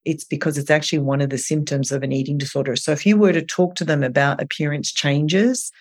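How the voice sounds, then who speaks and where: An eating disorder clinician on an interview, explaining in a gentle, earnest way, step by step. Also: medium pitch, steady tone, a little fast. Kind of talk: advice in an interview.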